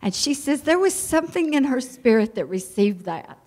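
A middle-aged woman, a missionary pastor's wife, telling a lively, heartfelt story to a church. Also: high voice, moderate pace. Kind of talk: personal testimony to a church.

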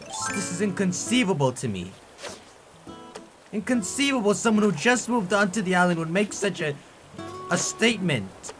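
Excitable young man ranting over gameplay. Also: high-pitched, normal speed, long pauses, over music. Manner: excitable, exaggerated frustrated rants. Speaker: gaming YouTuber. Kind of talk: let's play commentary.

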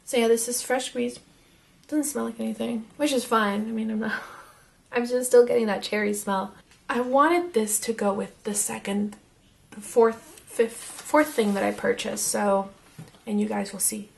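A young woman casually reviewing makeup as she swatches it, chatty and excitable and half losing her voice. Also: fairly high pitch, unhurried, vocal fry. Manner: chatty and excitable, drops to whispers. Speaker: beauty vlogger.

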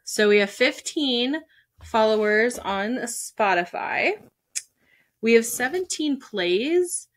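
Woman podcast co-host, giggly and chatty, slow talker. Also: on the high side, expressive. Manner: giggly, chatty, self-interrupting. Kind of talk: casual podcast chat.

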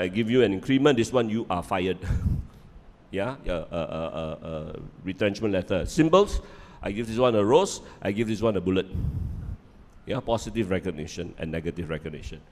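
Brief: middle-aged man, low voice, chatty lecture style, reverberant hall. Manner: conversational, repeats words, asks "yeah?" often. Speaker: parenting talk speaker. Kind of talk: live lecture with humor.

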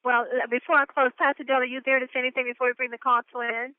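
Lady pastor hosting a phone call, smooth clear voice, laughs a lot, tinny line. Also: high-pitched, level tone, racing.

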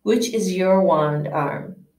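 A woman reading aloud and voicing an intense old male wandmaker, who talks in a measured, musing way with hesitant restarts. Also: lowish voice, darkish tone. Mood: brisk. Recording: echoey room, distant mic.

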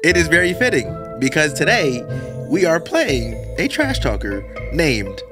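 A young man hosting a gaming video, talking in animated, rambling, profane rants and laughing often. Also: on the high side, unhurried. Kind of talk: casual gaming commentary. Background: background music.

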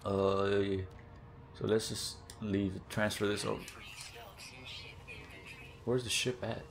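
Slow and low with vocal fry, a young gaming host narrates his let's-play in a casual way, getting excited and often gasping or exclaiming as he explores.

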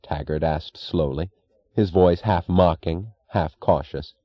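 Deep-voiced man narrating a novel. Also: dry recording, lo-fi sound. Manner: measured, expressive storytelling. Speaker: audiobook narrator.

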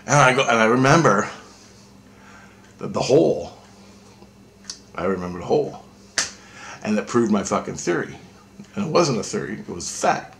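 A man's voice: fairly low pitch, fairly bright tone, a little hiss or hum. A man vlogging a rambling, intense spiritual monologue, swearing freely.

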